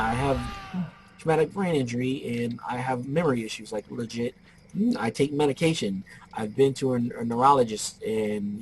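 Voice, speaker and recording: A man's voice: mid-range voice, a little hiss or hum, rough recording. A man giving casual gameplay commentary, rambling off into joking stories as he plays.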